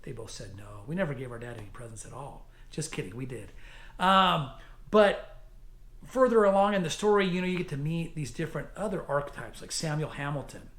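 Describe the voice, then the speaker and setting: Upbeat guy reviewing a book, fairly high voice, lots of ums, roomy echo. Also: animated, a little fast, fairly bright tone. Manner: enthusiastic, chatty, many fillers and restarts. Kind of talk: casual spoken book review. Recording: echoey room.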